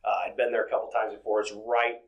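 A low-pitched man talking in a loose, easygoing way. He is a truck driver in a casual interview, and he wanders through his stories with plenty of "you know" fillers. His delivery is relaxed and conversational. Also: fast, muffled recording.

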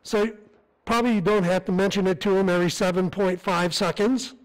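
A visiting missionary preaches a sermon in a church sanctuary, earnest and conversational, with frequent restarts. His high-pitched voice is fairly even in intonation and a little fast, and the recording is low quality.

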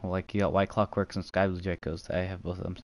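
A man's voice: sits low, level tone, fast talker, creaky, no room sound. Joking young male game streamer. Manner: joking, teasing, talks to chat. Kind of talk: live game stream chat.

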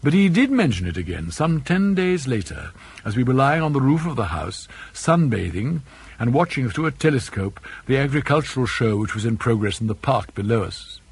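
A man narrates a novel as an audiobook with measured, elegant, theatrical phrasing. His voice is husky and set at a middling pitch. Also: very animated, no room sound, poor audio.

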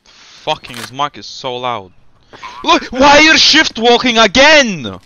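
A man's voice: very high voice, wildly swooping pitch, slow, sharp tone, highs cut off. A young man in casual gaming voice chat, ranting angrily and swearing at a teammate. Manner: angry profane ranting at a teammate. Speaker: gamer.

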